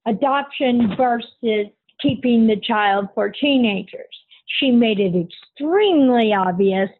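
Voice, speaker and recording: A woman's voice: fairly high pitch, animated, slow pace. A middle-aged woman earnestly telling a personal story in a plain-spoken, spiritual way. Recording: husky voice on a phone-like line.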